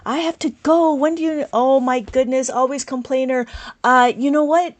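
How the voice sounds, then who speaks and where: A woman teaching an abacus lesson on a live stream, reading out viewer comments, speaking loudly and with enthusiasm. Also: high-pitched, steady tone, normal speed. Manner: loud, enthusiastic, passionate.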